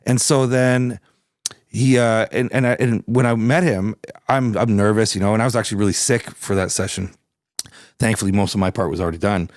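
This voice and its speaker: Relaxed middle-aged Canadian man, low voice. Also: a little fast, no room sound, clean studio sound. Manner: relaxed, swears freely, animated when quoting people. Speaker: guest musician. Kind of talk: casual storytelling interview.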